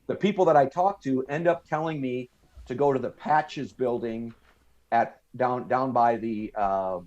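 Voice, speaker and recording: Speaking a little slowly in a medium-pitched voice, an American man in his fifties recounts a long army story on a podcast, performing other people's lines. He tells it animatedly in a casual interview setting, captured with lo-fi sound.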